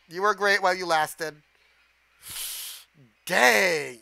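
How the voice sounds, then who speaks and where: Excitable gravelly male streamer. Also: high-pitched, moderate pace, long pauses, no echo. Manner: excitable, gasps and shouts at the game, swears. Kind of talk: live gameplay commentary.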